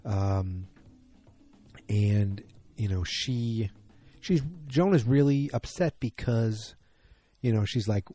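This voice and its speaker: Husky-voiced man rambling through a podcast recap. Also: lowish voice, a little slow, warm tone. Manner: rambling, opinionated, many fillers and restarts. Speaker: podcast host.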